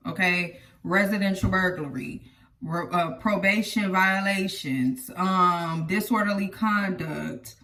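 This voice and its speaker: A woman's voice: mid-range voice, fairly bright tone, far from the mic. A woman telling her own story to viewers in a casual, chatty way, often speaking straight to them.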